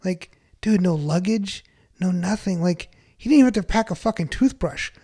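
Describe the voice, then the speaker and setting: A man's voice: sits high, normal speed, warm tone. A man telling a story in casual podcast chat, rambling with lots of fillers and swearing.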